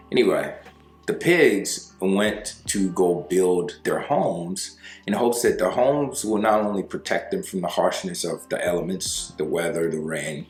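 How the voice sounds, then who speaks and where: Deep-voiced male breakup coach, conversational storyteller, roomy room with faint music under it. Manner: conversational, with fillers and slow emphasis. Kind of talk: storytelling advice monologue.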